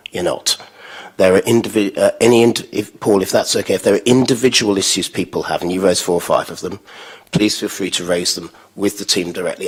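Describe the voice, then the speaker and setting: A man's voice: low voice, breathy edge, rough recording. A man chairing a council meeting, courteous and a little hesitant as he hands the floor to speakers.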